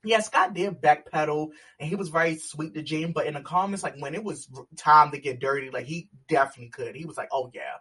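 Husky man, a bit off-mic. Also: fairly high pitch, fast talker, hardly any pauses, pushed and bright, recorded from a distance. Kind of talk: casual chat.

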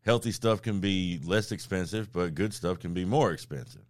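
A man's voice: low voice, normal speed, dry recording, studio quality. A man with a Southern Georgia accent, hosting a casual podcast chat with jokes and cussing. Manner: drawling, joking, profane. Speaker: podcast host.

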